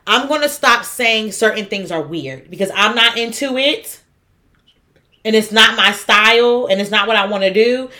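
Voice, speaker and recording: A woman's voice: on the high side, moderate pace, pushed and bright. A woman co-hosting a podcast, talking bluntly and emphatically with lots of swearing. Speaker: podcast co-host. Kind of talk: casual chat.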